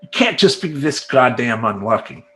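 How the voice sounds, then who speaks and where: A man's voice: medium pitch, big pitch swings, normal speed, a bit bright. A man talking as a life coach in a rambling, emphatic monologue, acting out his clients and making sound effects. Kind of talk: casual monologue to camera.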